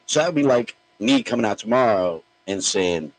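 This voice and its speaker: A man's voice: lowish voice, expressive, moderate pace, hardly any pauses, poor audio. A man hosting a podcast, ranting in a blunt, profane, mocking way. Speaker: podcast host. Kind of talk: opinionated podcast rant.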